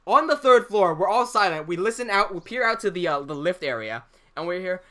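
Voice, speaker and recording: A young man hosting a livestream, casually telling an animated story, laughing often and swearing freely. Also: high voice, fairly quick. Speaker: livestream host.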